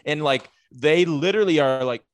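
A man's voice: on the high side, normal speed, no room sound. A man who works as a teacher, telling a casual story with lots of fillers and the odd swear word. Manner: rambling, filler-heavy, profane.

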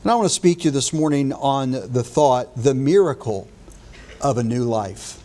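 A man's voice: mid-range voice, lively intonation, moderate pace, warm tone. A man preaching a morning sermon as pastor, retelling a scripture story in an earnest way with small restarts.

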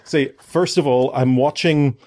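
A man's voice: medium pitch, unhurried, dark tone. A man hosting a casual family podcast, rambling and stumbling over his words. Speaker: podcast host.

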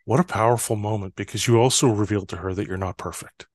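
A man, a guest on a podcast, speaking in a calm, measured way about building trust. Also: lowish voice, no room sound. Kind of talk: reflective conversation.

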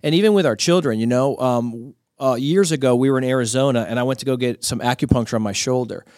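A man's voice: medium pitch, fast talker, dry recording, clean studio sound. Man telling stories animatedly as a guest. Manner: lively storyteller with many restarts. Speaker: podcast guest. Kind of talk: casual storytelling.

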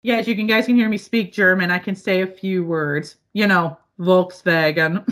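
A woman from the northern US, chatting casually as a podcast co-host, loud, laughing often and swearing freely. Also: medium pitch, moderate pace. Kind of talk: casual chat.

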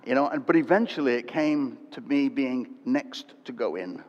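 An older man preaching a sermon, telling a story animatedly and swinging from loud to hushed. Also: medium pitch, expressive, moderate pace. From England. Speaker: pastor. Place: church hall. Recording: dull echoey church hall recording.

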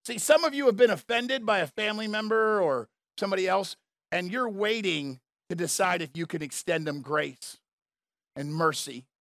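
High-voiced man preaching emphatically. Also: expressive, normal speed, vocal fry, fairly bright tone, no room sound, studio quality. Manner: emphatic, repetitive, conversational preaching with asides to the crowd. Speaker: pastor. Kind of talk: sermon.

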